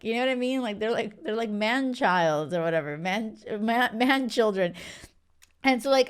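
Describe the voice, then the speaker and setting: A woman vlogger giving an animated, emphatic casual recap, full of filler words. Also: mid-range voice, a little slow, clear, resonant tone.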